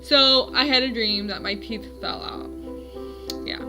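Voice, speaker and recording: A woman's voice: on the high side, a little slow, over music, low-quality recording. A woman in her twenties at home, telling her dreams in a rambling, self-correcting casual vlog. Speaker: vlogger.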